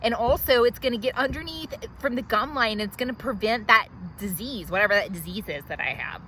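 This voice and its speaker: In a comedy sketch, a woman plays an entitled, self-righteous character who rambles indignantly through her complaints in a monologue to camera. Her voice is on the high side, bright and pushed, expressive and brisk, and the recording quality is low.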